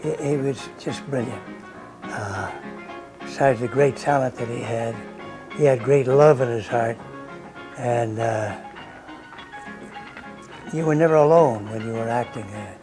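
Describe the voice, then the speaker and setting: A man's voice: medium pitch, measured pace, pauses often. A man fondly remembering a teacher in an interview, hesitant with fillers. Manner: fond, hesitant. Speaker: interviewee, actor. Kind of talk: reminiscing interview. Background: music.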